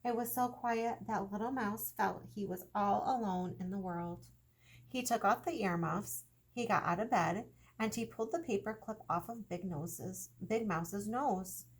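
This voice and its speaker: Woman teacher reading a storybook to children, gentle, expressive, slightly husky. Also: medium pitch, measured pace. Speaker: kindergarten teacher. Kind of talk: children's story read-aloud.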